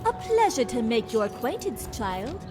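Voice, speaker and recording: A woman's voice: a little high, big pitch swings, moderate pace. A woman playing a prim, fussy court lady in a video game who corrects manners. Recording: game audio with music behind.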